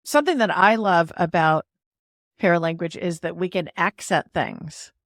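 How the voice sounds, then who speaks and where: A woman's voice: on the low side, normal speed, no room sound, studio quality. A woman hosting a podcast, explaining ideas in a casual, playful way and leaning on emphasis. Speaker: podcast host.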